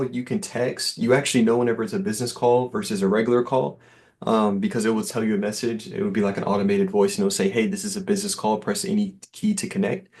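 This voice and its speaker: A man's voice: fairly low pitch, darkish tone. A man giving an easygoing, reassuring sales demo over a call, with lots of fillers. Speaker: software sales rep.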